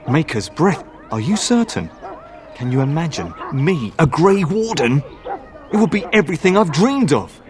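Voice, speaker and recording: A man's voice: fairly high pitch, big pitch swings, normal speed, crowd noise. A man voicing an earnest young castle knight in a fan dub, formal and courteous. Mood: excited. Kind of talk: fan voice acting over a game.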